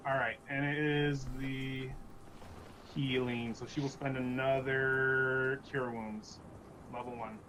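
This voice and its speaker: A man narrating as game master of a tabletop game, halting and repeating words as he goes. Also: medium pitch, steady tone, a bit bright, a little hiss or hum, poor audio.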